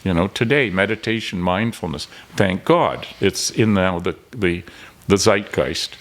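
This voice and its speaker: An older Canadian filmmaker, appearing as a podcast guest, tells stories animatedly in a casual interview and acts out the dialogue. His voice is low-pitched and his pace measured.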